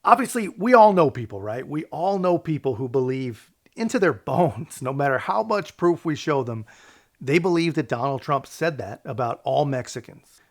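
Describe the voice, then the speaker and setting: Sarcastic man with a slightly high voice. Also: animated, moderate pace. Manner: sarcastic, laughs often, says "man" and "right". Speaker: political commentary host. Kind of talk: casual political commentary.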